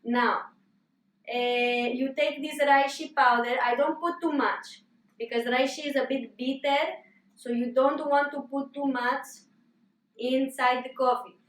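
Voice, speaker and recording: A woman with a fairly high voice hosts a comedic cooking demo in an exaggerated put-on Greek accent. She coaxes the viewer through each step with mock-serious, repetitive instructions. She is heard from a distance in an echoey room with a faint ambient hum. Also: fairly even intonation, measured pace, a bit bright. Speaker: host demonstrating a recipe.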